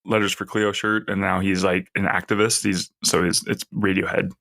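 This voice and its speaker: A man's voice: deep voice, level tone, moderate pace, gravelly, sharp tone, no room sound, clean studio sound. A man co-hosting a podcast in casual chat, chuckling and chiming in with short replies. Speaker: podcast co-host.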